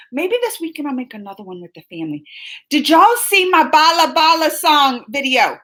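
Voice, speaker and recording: Chatty, rambling woman streamer. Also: moderate pace. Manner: chatty and rambling, with lots of restarts and asides; animated, with pitch jumping up when excited. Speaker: livestream host. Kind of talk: casual live chat with viewers.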